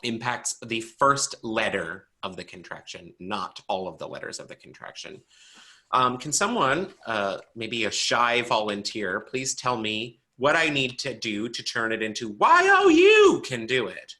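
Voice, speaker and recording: Brief: male teacher on a video call, bright tone, quizzes students and jokes as he explains. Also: on the low side, unhurried. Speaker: braille teacher. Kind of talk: online class instruction.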